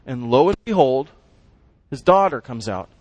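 A man teaching a Bible lesson to a class, animated and asking his listeners questions as he explains the text. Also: medium pitch, measured pace, no echo.

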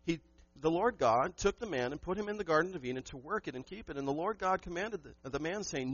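A man's voice: on the high side, lively intonation, fairly quick, hardly any pauses, fairly bright tone, breathy edge, no room sound, muffled recording. A man preaching a sermon to his church, emphatic and asking the congregation questions. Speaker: pastor.

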